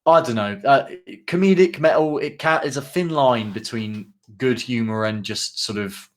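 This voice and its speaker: Speaking at medium pitch and normal speed, this podcast co-host works through band write-ups in a casual show. Frequent ums and asides break up his reading.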